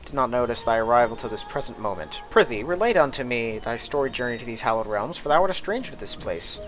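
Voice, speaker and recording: A man's voice: medium pitch, animated, fast, fairly bright tone, natural voice. A man reading the lines of a chatty, frustrated female muse who slips into archaic speech. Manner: reads aloud in a plain voice, mock-archaic phrasing.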